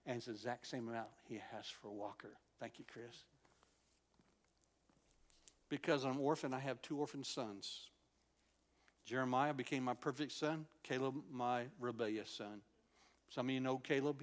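Older guy preaching, lively storyteller, goes soft and tender quoting god. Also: mid-range voice. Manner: animated storytelling, drops to soft tender voice for God's words. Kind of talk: sermon.

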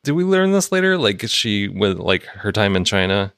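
A man's voice: on the low side, big pitch swings, moderate pace, a bit bright, clean tone, no echo, studio quality. A man co-hosting a podcast, chatting casually about a TV episode, wondering aloud and chuckling. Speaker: podcast co-host. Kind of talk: casual chat recapping a TV episode.

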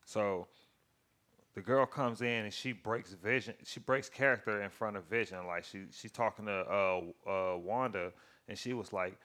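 A man's voice: lowish voice, normal speed. A man casually recapping a TV series with lots of swearing, acting out the characters' lines as he goes. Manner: profane, animated storytelling with acted-out quotes. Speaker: podcast co-host.

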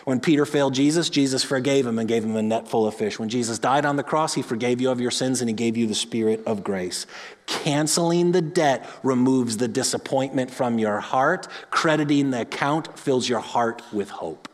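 A man preaching a sermon in a church hall, his voice ringing out with a long reverb tail. He tells stories with animated energy, building to emphatic highs and then falling quiet and soft. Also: normal speed. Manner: animated storytelling, rising to emphatic peaks then dropping soft. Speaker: pastor. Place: church sanctuary.

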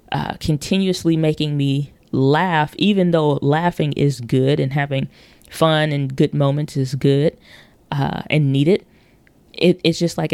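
A woman's voice: deep voice, gravelly, darkish tone, no room sound. A woman hosting a podcast, talking casually and rambling with many fillers and restarts, acting out quoted voices as she tells stories. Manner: acts out quoted voices in storytelling. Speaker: podcast host. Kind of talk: casual monologue on marketing.

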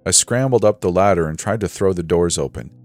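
A man narrating a first-person scary story in a steady, measured, suspenseful way. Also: low-pitched, faint music behind.

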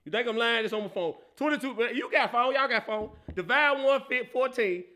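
A man's voice: extremely high pitch, brisk. A man hosting a casual sports talk show, laughing often and teasing. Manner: laughs a lot, animated and teasing.

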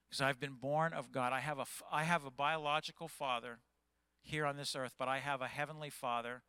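Impassioned bright-voiced pastor in his fifties. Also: medium pitch, fairly even intonation, a little fast, smooth, dry recording. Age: 50s. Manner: impassioned, agitated preaching. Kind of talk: sermon.

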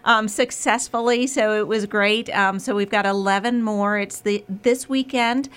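A woman's voice: mid-range voice, steady tone, measured pace, fairly bright tone, smooth. A woman speaks as a radio guest, with a voice in the middle range. She sounds eager and friendly and fills her sentences with ums and restarts. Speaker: radio guest, museum marketing director. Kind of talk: casual radio interview.

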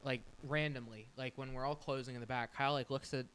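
A man's voice: medium pitch, steady tone, fast, a bit bright, smooth. A young man hosting a podcast, chatting casually and telling rambling, profane stories, often mimicking coworkers. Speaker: podcast host. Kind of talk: casual chat.

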